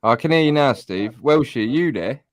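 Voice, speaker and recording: A man from Britain on a livestream call, animated and encouraging, swearing casually. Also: mid-range voice, moderate pace, dry recording. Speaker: livestream guest. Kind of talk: casual chat.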